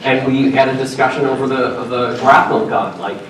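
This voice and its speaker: A man's voice: medium pitch, steady tone, normal speed, a bit bright, a little hiss or hum. A man on a panel, recalling the work in a conversational, storytelling way. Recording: distant mic in echoing hall.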